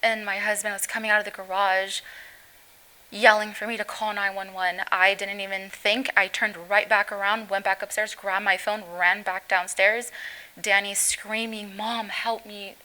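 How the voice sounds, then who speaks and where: Bright-voiced mother recounting haltingly. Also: medium pitch, level tone, smooth, poor audio. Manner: halting, voice breaking as she recounts. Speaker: guest, mother of injured teen. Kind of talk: emotional recounting in interview.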